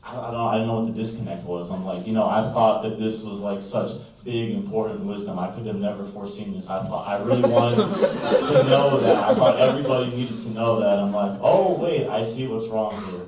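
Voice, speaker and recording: A man's voice: lowish voice, steady tone, a little fast, crowd noise. A young man doing an open-mic stand-up set, telling rambling self-mocking stories. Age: young adult. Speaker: stand-up comic. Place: small comedy room with live audience. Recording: echoey room, far mic, noise.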